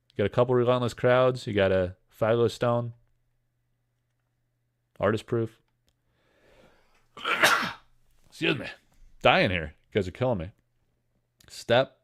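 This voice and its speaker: A man hosting a casual livestream, joking and rambling while he reads chat comments aloud. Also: medium pitch. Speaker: livestream host selling card breaks.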